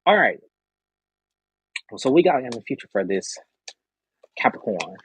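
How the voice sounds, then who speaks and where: A man hosting a live-streamed tarot reading, animated and encouraging, humming and murmuring as he reads the cards. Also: medium pitch, measured pace, long pauses, a little hiss or hum. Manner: animated, encouraging, talks straight to the listener. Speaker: tarot reader host.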